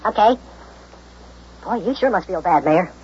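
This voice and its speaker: An actor voicing a cheerful, curious young boy sidekick in a children's radio drama, eager and gently teasing. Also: medium pitch, expressive, normal speed, close to an everyday voice. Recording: dull old radio recording, faint hiss.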